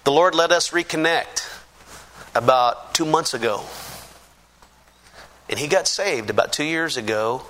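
A middle-aged man from the Pacific Northwest giving a lively personal testimony, poking fun at himself and acting out what people said. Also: a little high, unhurried, pauses often. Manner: lively, self-mocking storyteller who acts out quotes. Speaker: church testimony speaker.

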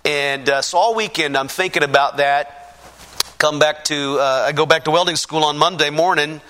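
A man giving a personal testimony in a halting, earnest way, with many restarts and fillers, growing fervent and emphatic. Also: on the high side, bright, forceful tone.

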